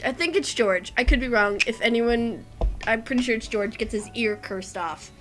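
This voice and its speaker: A young woman co-hosting a let's play, talking and reading a game aloud with animated, dramatic enthusiasm. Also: on the high side, moderate pace, faint music behind.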